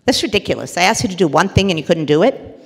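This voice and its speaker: A woman's voice: lowish voice, expressive, quick pace, slightly rough, long reverb tail. A woman voicing an angry male office boss who berates an employee impatiently. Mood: scolding.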